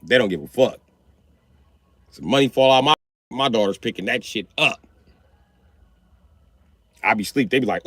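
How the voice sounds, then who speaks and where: A man in his thirties telling comic stories about his kids in an animated, profane way, jumping into high yelps. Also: moderate pace, pauses often, no room sound. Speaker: stand-up comedian. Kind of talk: stand-up storytelling.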